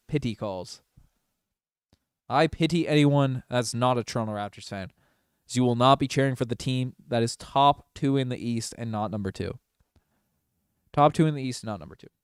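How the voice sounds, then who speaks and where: A man giving casual, partisan play-by-play on a fan livestream, moving from low mutters to loud excited shouts. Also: clean tone, dry recording, studio quality. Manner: excitable, swings from mumbling to shouting. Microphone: desk microphone.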